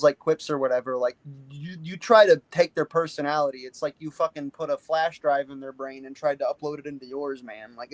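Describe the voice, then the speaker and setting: A man's voice: fairly high pitch, dry recording, low-quality recording. A man in a casual podcast chat, talking bluntly with lots of swearing and filler words.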